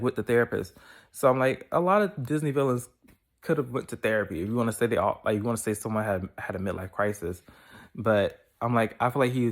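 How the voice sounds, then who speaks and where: A man giving a casual film review, rambling and filler-heavy, with playful animated asides. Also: mid-range voice. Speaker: movie commentator.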